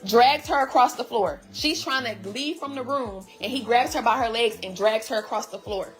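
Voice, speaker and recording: A woman's voice: fairly high pitch, normal speed, soft background music. A woman telling her story to viewers in a heated, blunt and profane way, casually addressing them directly. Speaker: vlogger recapping her relationship.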